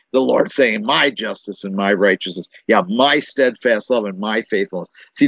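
A man's voice: fairly low pitch, no echo, poor audio. A man teaching through a Bible passage in an informal way, often repeating words as he thinks aloud.

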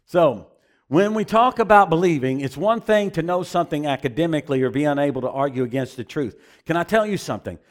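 A man's voice: on the high side, animated, quick pace. A man preaching a sermon as pastor, emphatic and repeating phrases for emphasis.

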